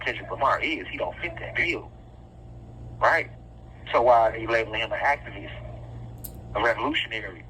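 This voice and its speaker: A man's voice: on the high side, bright, forceful tone, husky, poor audio. A man speaking, delivering an impassioned, preachy monologue full of repeated phrases and rhetorical questions. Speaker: self-styled activist commentator.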